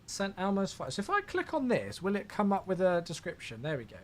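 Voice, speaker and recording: A man talks loosely on a live stream, rambling and answering viewers as he goes. His voice sits high for a man. It rises and falls with lively swings. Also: brisk. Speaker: flight sim streamer. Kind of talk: casual live-stream chat.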